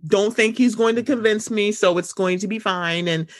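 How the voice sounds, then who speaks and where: A woman co-hosting a podcast in casual chat, animated and profane, often slipping into mocking voices of others. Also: medium pitch, normal speed. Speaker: podcast co-host.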